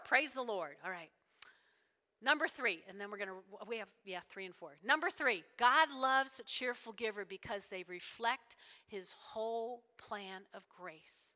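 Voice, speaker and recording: A woman preaching a sermon in a lively, animated way, checking in with the congregation with frequent "all right?" and "right?". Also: fairly high pitch, unhurried. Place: church sanctuary. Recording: long hall reverb.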